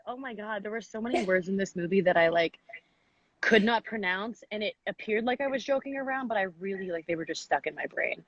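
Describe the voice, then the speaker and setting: A woman's voice: medium pitch, a little fast, no echo. A bubbly, playful woman chats casually on a live stream, teasing and joking as she talks. The audio is a bit dull and lo-fi, like a phone stream. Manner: playful, bubbly, quotes herself in funny voices. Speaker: actress.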